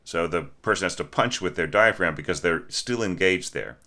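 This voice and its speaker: A man's voice: low voice, moderate pace, pushed and bright. A man giving a conversational critique of a student's orchestral score, asking questions and singing short notes to make his points. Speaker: orchestration teacher.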